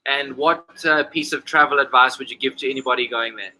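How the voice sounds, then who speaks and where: Male podcast host, piercingly bright voice, brisk quiz-style questioning. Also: mid-range voice, low-quality recording. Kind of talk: casual interview.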